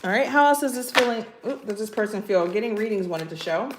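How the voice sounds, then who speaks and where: A woman's voice: mid-range voice, animated, fast. A woman giving a casual tarot reading, chatty and playful, talking straight to her viewers with lots of asides. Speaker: tarot reader. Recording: echoey room with faint background noise.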